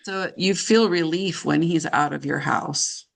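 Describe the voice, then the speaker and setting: A woman practicing as a counselor, calmly paraphrasing and reflecting back what she hears. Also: low-pitched, unhurried, creaky. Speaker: counselor in training.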